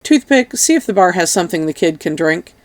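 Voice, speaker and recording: Woman reading as gruff mercenary captain Doc. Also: fairly low pitch, animated, fairly quick, no echo, close to an everyday voice. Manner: blunt, commanding.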